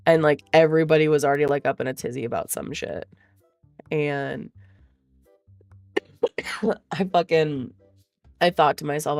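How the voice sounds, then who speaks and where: A woman's voice: sits low, dry recording. A woman talking in a casual chat, venting in a profane, exasperated way. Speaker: streamer.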